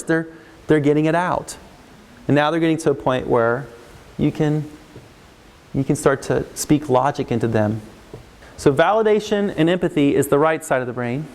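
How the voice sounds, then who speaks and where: Guy counselor explaining how to calm angry kids, kinda high voice, jumps into little acted bits. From United States. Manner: animated, acts out kid and adult voices. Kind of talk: instructional talk with acted examples.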